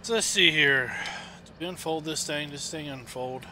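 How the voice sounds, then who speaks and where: Bright-voiced chatty man streaming a game. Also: fairly high pitch, moderate pace, a little hiss or hum. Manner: rambling, chatty, with many fillers. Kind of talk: casual gameplay chat and storytelling.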